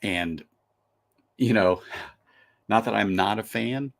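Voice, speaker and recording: A man's voice: fairly low pitch, takes it slowly, vocal fry, fairly bright tone. A man hosting a live stream, reviewing a whiskey in casual, chatty talk full of restarts and fillers.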